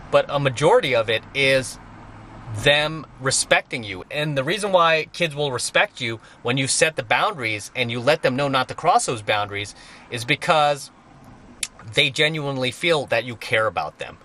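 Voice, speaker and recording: A man's voice: mid-range voice, expressive, moderate pace, pushed and bright, slight background noise. A middle-aged man giving a blunt, emphatic monologue as a dating coach, repeating his points for stress. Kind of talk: opinionated monologue to viewers.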